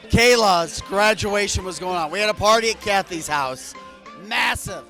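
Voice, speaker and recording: A man with a high, bright voice tells a lively anecdote at a birthday party, acting out the shouts of the people in it. Soft music plays behind him. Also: normal speed. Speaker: party guest. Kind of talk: party storytelling toast.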